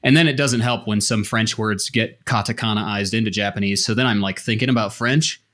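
A man's voice: lowish voice, fairly quick, a bit bright. A man co-hosting a podcast in casual chat, rambling and poking fun at himself. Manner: self-deprecating, rambling with restarts. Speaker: podcast co-host.

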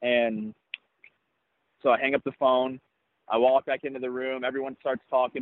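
A young adult man, a baseball player, telling a personal story in an interview in an earnest, reflective way with halting restarts. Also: mid-range voice, little pitch movement, dry recording. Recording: tinny phone-like, dry sound.

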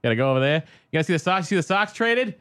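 A man's voice: a little high, lively intonation, fast, a bit bright, smooth, no echo, studio quality, voice pushed up. A man doing a pushy Boston barfly. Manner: barking, pushy.

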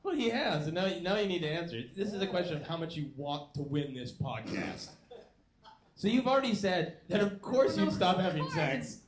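A man hosting a live podcast, talking quickly and teasing the panel with playful jokes, recorded in a roomy space. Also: high-pitched, very animated. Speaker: host. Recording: roomy live room sound.

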